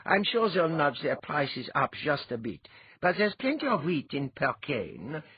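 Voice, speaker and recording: A man's voice: a little high, wildly swooping pitch, measured pace, slightly rough, no echo, voice pushed up, heavily acted. A man voicing a shrewd, confident duke who thinks in money. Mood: sly. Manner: sly, confident. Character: shrewd money-minded duke, merchant type. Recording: dull lo-fi audiobook recording.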